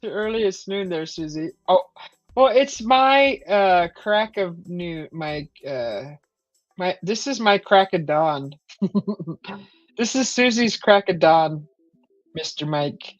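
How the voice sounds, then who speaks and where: Woman streamer, slow and halting with lots of fillers, dry close sound, slightly dull lo-fi audio, faint music behind. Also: lowish voice, no room sound. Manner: hesitant, many fillers, excited whoops when thanking viewers. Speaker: live stream host. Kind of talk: casual live stream chat.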